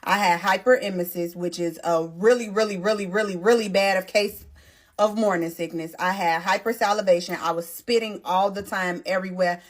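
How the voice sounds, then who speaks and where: A woman tells her own life story in a casual storytime vlog. She talks to her viewers in a chatty, animated way and calls them "y'all." Her voice sits in a middle pitch range. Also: moderate pace. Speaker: vlogger.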